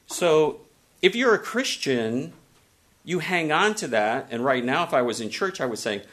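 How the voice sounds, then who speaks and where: A man preaching a sermon, retelling scripture in an animated way and slowing down for the quoted words. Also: medium pitch. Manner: animated, slows down for quoted lines.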